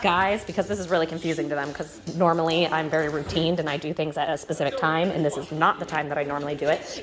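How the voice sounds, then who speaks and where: Casting note: woman in her thirties, lowish voice, easygoing dog-training vlogger at home, rambles with fillers. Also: steady tone, fast, hardly any pauses, crowd noise. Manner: chatty, loose, with fillers and restarts; sweet high baby talk to the dogs. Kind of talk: casual instructional vlog. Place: in her home, walking between rooms.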